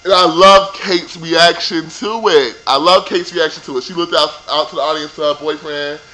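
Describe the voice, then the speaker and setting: A man's voice: on the high side, steady tone, moderate pace, sharp tone, poor audio. A young man ranting casually about a reality show reunion, sassy and profane. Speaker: vlogger reviewing a reality show. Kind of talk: casual rant.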